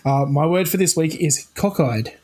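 A man's voice: fairly high pitch, moderate pace, darkish tone, breathy edge. A man co-hosting a casual podcast, laid-back as he explains a slang word. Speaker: podcast co-host.

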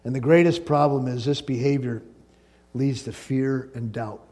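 A man preaching a sermon as pastor, animated, acting out the voices of doubting listeners. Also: mid-range voice, normal speed.

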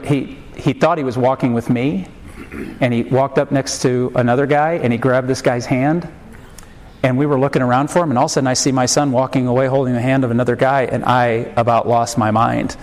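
A man's voice: mid-range voice, rough recording. A man in his forties preaching a sermon as a pastor, telling humorous family stories and acting out the voices in them, with emphatic rhetorical questions. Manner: storytelling with humor, acts out quoted voices.

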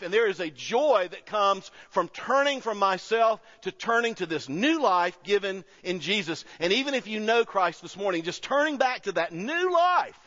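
A high-pitched pastor in his fifties preaches in a chatty, storytelling way that builds to emphatic high points. His voice rings through a large sanctuary with a long reverb. The sound is slightly dull and muffled. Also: a bit bright. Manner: conversational preaching, swelling to emphatic peaks. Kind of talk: sermon. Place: church sanctuary.

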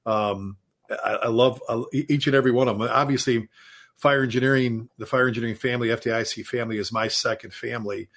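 A middle-aged fire chief and author, guesting on a casual podcast, tells stories emphatically and swears mildly now and then. He talks fast in a medium-pitched, somewhat bright voice with a steady tone.

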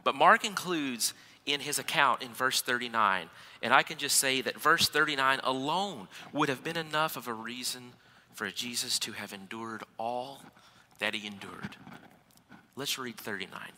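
Male preacher, earnest and measured, very bright tone, reverberant hall. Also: mid-range voice. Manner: earnest, with slow weighty pauses. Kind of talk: scripture reading and sermon.

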